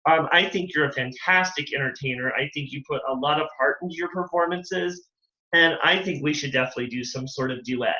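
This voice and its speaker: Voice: mid-range voice, brisk, pushed and bright. A drag queen hosting a casual interview, enthusiastic and full of compliments. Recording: echoey, muffled lo-fi audio.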